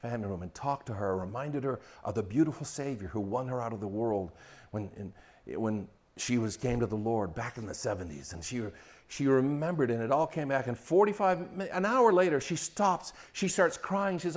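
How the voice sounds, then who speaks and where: Older male pastor, loud then hushed. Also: mid-range voice, normal speed. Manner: animated, swings from loud mocking quotes to hushed storytelling. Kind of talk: sermon on marriage.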